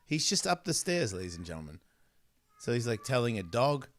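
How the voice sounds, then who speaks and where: A man's voice: medium pitch, very animated, brisk. A man hosting a podcast in casual chat, rambling and swearing, often losing his thread. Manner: rambling, distracted and profane, loses his thread. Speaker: podcast host.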